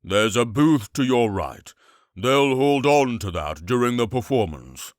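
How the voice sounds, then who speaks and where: A man narrating an audiobook voices a huge stony-faced male doorman, speaking slowly and curtly. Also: mid-range voice, dry recording, clean studio sound, voice pushed up, lightly acted. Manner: slow, curt, flat.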